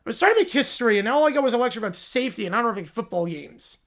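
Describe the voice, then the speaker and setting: A man's voice: very high voice, animated, very fast, a bit bright. A man voicing a spoiled, bratty child who thinks he is royalty, whining and petulant. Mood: whiny. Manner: whiny, petulant.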